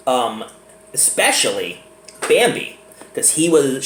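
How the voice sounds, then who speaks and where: Chatty laughing man in echoey room. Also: fairly high pitch. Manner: chatty, rambling, laughs often. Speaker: movie reviewer. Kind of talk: casual video review.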